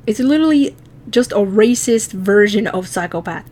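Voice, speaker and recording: A woman's voice: mid-range voice, animated, moderate pace, a little mellow. A woman streaming herself drawing, chatting casually, laughing often and swearing freely as she teases herself. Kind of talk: casual chat while drawing.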